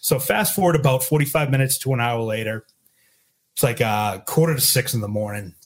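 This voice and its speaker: A man with a slight Boston accent telling a profane, animated story in casual chat, acting out the people he quotes. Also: medium pitch, a little fast. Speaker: guest storyteller.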